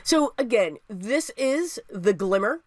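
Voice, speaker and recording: A woman's voice: on the high side, sing-song, slow pace, dry recording. A woman hosting a casual crafting tutorial, chatty and upbeat, often repeating herself as she works. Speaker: papercraft video host.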